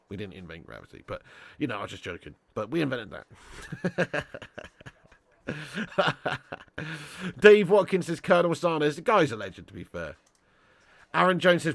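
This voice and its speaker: Reading super chats on a live football watch-along stream, a man banters, laughs frequently and makes cheeky boasts in jest. His voice is a little high, gravelly and fairly bright, with no echo.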